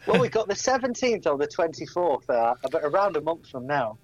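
Male radio guest, jokey storyteller, expressive, dry close mic. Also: on the high side, a little fast, no echo, dull audio. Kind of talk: casual radio banter.

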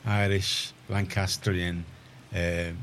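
A man's voice: low voice, little pitch movement, drawn-out words, a bit bright, a little hiss or hum. A man from Liverpool with a Scouse accent, hosting a community radio show and chatting in a rambling way with lots of restarts. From Liverpool, England. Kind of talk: casual studio chat. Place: radio studio.

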